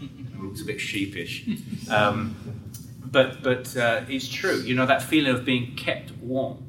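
A man's voice: mid-range voice, measured pace, noisy background. A man, a pastor, preaching a sermon in an earnest, conversational way with frequent restarts. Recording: roomy hall, voice from a distance.

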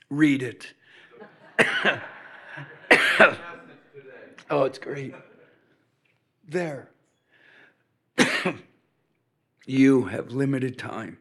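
A man giving a sermon-style lecture to a seminary class, hoarse and coughing often, speaking haltingly with many pauses and restarts. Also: mid-range voice, animated, a bit bright. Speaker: preacher teaching a seminary class.

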